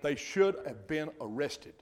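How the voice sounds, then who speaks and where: A man's voice: a little high, expressive, a little slow, a little mellow. An older man preaching a sermon in a folksy, earnest way, often breaking off mid-sentence and repeating himself.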